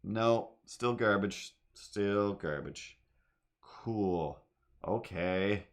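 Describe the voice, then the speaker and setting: A man with a fairly low voice chats loosely on a livestream from his apartment while drawing. He rambles, jumps between topics, and breaks into little sung bits and cat talk. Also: drawn-out words. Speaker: streamer. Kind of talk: casual streaming chat while drawing. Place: home apartment.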